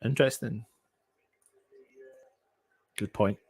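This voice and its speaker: A young man giving excitable, emotional fan play-by-play during a live match watchalong. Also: on the low side, slow, no echo. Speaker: fan commentator.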